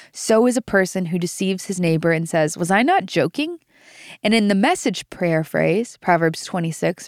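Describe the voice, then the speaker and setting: Young woman doing a bible podcast, earnest and emphatic, smooth clear voice, dry close mic. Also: mid-range voice, darkish tone, no room sound. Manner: earnest, emphatic, reads scripture aloud. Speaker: podcast host. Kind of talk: devotional Bible teaching.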